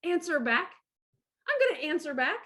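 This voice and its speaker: A woman's voice: high-pitched, very animated, moderate pace, sharp tone. A middle-aged woman working as a divorce coach talks straight to camera in a blunt, bossy monologue full of swearing. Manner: blunt, profane and emphatic; bossy, gives direct orders. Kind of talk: casual profane monologue to camera.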